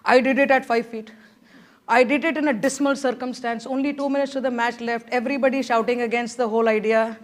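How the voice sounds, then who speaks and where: Woman speaker with a high voice, telling a lively anecdote at a conference. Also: fairly quick. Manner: animated, acts out quoted voices, laughs while telling. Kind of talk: motivational storytelling talk. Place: conference hall stage.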